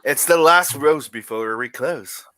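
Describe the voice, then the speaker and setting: A man's voice: mid-range voice, unhurried, sharp tone, slight background noise. A man co-hosting a casual livestream, joking around in a playful way. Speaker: co-host.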